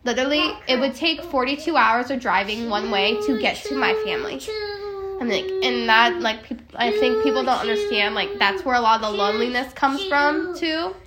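A woman's voice: on the high side, lively intonation, normal speed, heavy background noise. A young woman co-hosting a casual podcast from home, rambling with many fillers and restarts. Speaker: podcast co-host. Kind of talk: casual chat. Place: home, in California.

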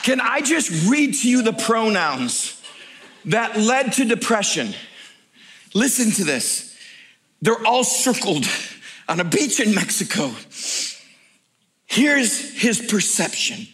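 A male pastor preaching a sermon in an animated, humorous way, building at times to near-shouts. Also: sits high, takes it slowly, pauses often.

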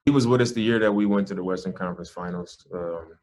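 A man speaking haltingly in a press interview, with many fillers. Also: deep voice, darkish tone. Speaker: basketball player in press clip.

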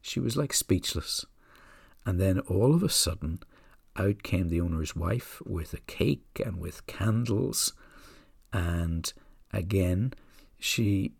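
A man hosting a podcast, telling a story in a gentle, unhurried, reflective way. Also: low voice, creaky, breathy edge, dry recording, clean studio sound. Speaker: podcast host.

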